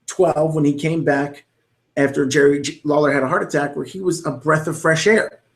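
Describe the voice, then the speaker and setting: This young co-host's voice is fairly high and steady, moving at a normal pace. On the podcast he talks casually and enthusiastically about wrestling commentary, rambling and restarting frequently.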